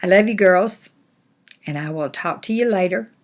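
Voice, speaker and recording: A woman's voice: fairly low pitch, moderate pace. Folksy older woman telling a story. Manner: folksy, animated, homespun phrasing. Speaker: grandmother reading stories. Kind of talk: storytelling to grandchildren.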